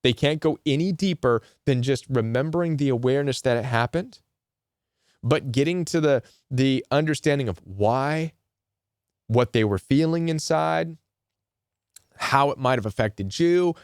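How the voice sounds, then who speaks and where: An earnest man talks straight to his viewers in a middle-pitched voice. He circles back to his points and slips into short quoted asides. The sound is dry and close, with no room around him. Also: animated, moderate pace, no echo. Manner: earnest, repetitive, quotes imagined people in short put-on asides. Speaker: host of a self-help channel on narcissistic abuse. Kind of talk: casual talking-head explainer reading from a web browser.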